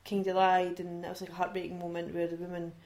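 A woman's voice: on the low side, completely flat delivery, fast talker, a little mellow. A Scottish woman co-hosting a podcast, chatting casually about a film in dry, brief replies. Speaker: podcast co-host.

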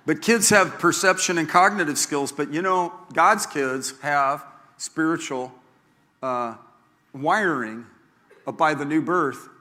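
A man's voice: a little high, moderate pace, sharp tone, long reverb tail, slight background noise. An older man preaching a sermon as pastor, folksy and joking, often repeating himself. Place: church sanctuary.

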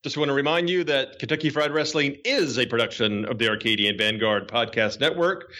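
A man's voice: fairly high pitch, animated, brisk, hardly any pauses, pushed and bright. A man hosting a wrestling podcast, joking casually and reading ads. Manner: joking, chatty, with fillers. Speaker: podcast host. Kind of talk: casual podcast chat and ad read.

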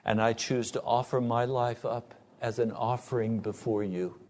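A man's voice: mid-range voice, fairly even intonation, moderate pace, a little mellow. Male pastor preaching a radio sermon. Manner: earnest preaching, quoting conversations, rising to fervent emphasis.

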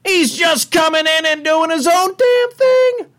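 A man's voice: very high-pitched, lively intonation, a little slow, fairly bright tone, pitched above the performer's own voice, exaggerated voice. A man doing an impression of a lanky, goofy cartoon slacker, yelping and rowdy, often laughing through his lines.

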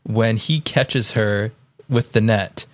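A man's voice: lowish voice, slow pace. A man co-hosting a casual podcast chat, skeptical and wry, nitpicking details. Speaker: podcast co-host.

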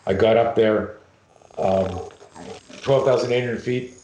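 Middle-aged Canadian-raised guest, lowish voice, animated, swearing storyteller, echoey room. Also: male voice, slow, muffled recording, slight background noise. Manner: animated, profane, acts out voices in his anecdotes. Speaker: podcast guest, self-defense and fear expert. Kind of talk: storytelling in a podcast conversation.

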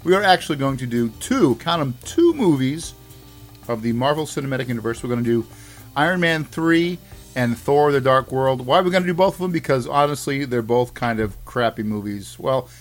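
A man's voice: medium pitch, animated, fairly quick, faint music behind. A man with a Boston accent hosting a podcast, chatting casually in a joking, rambling, self-mocking way. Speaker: podcast host.

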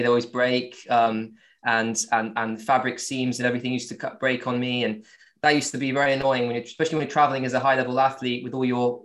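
A man's voice: medium pitch, fairly bright tone. A man with a Southern English accent, a company founder answering interview questions casually, with many fillers and restarts. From born in Virginia, raised with English accent.

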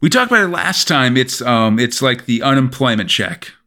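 A man co-hosting a podcast, casually retelling a comic's plot with lively storytelling and lots of "sort of" hedges. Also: medium pitch, moderate pace. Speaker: podcast co-host. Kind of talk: casual chat recapping a comic.

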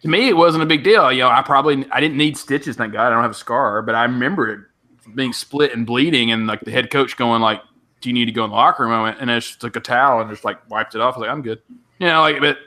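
Man, bright edge to the voice, mid pitch, relaxed podcast storytelling. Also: fast. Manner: relaxed anecdotal storytelling with fillers. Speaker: podcast co-host. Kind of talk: casual chat.

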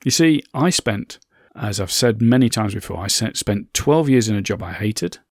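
A man's voice: lowish voice, expressive, moderate pace, darkish tone, no room sound, clean studio sound. A middle-aged man hosts a podcast. He talks earnestly and conversationally and repeats phrases for emphasis. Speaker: podcast host. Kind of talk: reflective motivational monologue.

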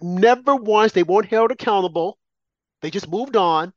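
Speaking fairly quickly in a high voice, a man delivers political commentary that is emphatic, repetitive and laced with mocking asides. The sound is dry and somewhat muffled lo-fi, with no echo.

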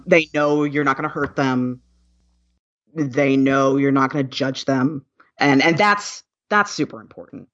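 A woman who is a podcast guest, talking candidly and earnestly with many restarts. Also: deep voice. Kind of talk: casual interview chat. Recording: dull, muffled sound.

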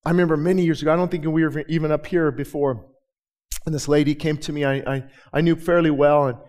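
A middle-aged male pastor preaching a sermon, moving from quiet storytelling to shouted, rising declarations. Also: on the high side, steady tone, fast talker. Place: church sanctuary with balcony.

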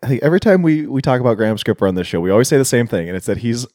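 A man co-hosting a film podcast, chiming in with quick, wry remarks. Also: medium pitch, expressive, a little mellow, no echo, studio quality. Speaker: podcast co-host. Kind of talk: casual film review chat.

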